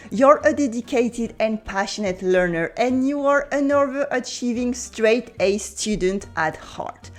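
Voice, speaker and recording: A woman with a French accent, a French teacher giving a playful, cheeky online language lesson. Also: high-pitched. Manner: lively, playful, cheeky asides.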